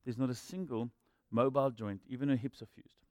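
A male preacher delivering a sermon with personal testimony, recorded close and dry with almost no room sound. His voice sits in an ordinary middle pitch. He swings from loud, emphatic declarations to hushed, confiding asides. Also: steady tone, a little fast, no echo.

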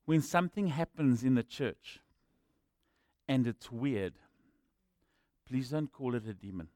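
A male preacher delivering a sermon with personal testimony, recorded close and dry with almost no room sound. His voice sits in an ordinary middle pitch. He swings from loud, emphatic declarations to hushed, confiding asides. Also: expressive, unhurried, no room sound.

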